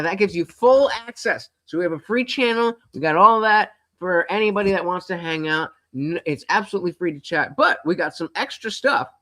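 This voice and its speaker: A young man hosting a live stream, chatting casually in an animated, rambling way with many fillers. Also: on the high side. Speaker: streamer host.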